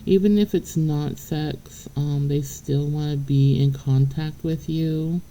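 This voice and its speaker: Woman doing a tarot reading, gravelly and kinda dark sounding, swears a lot, keeps going "okay?". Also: low-pitched, steady tone, slow pace, slight background noise, rough recording. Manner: blunt and profane, keeps checking in with "okay?"; chatty, laughs between points. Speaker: tarot reader. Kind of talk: casual spiritual reading to the viewer.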